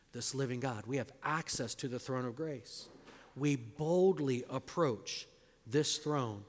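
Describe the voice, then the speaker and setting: A slow, deliberate male pastor with a slightly high voice, leaning hard on key words and then sinking to hushed, low phrase endings. His sermon rings through a hall with a long reverb tail. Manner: emphatic, swings between loud stresses and quiet low endings. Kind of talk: expository sermon.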